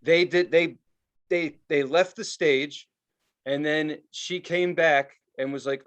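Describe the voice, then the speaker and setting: A man with a fairly high voice rants through a story in loose, everyday chat. He swears constantly and sounds fed up. His delivery is that of a podcast co-host venting to a friend. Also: steady tone, slow pace, fairly bright tone. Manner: profane, exasperated storytelling. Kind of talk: casual ranting chat.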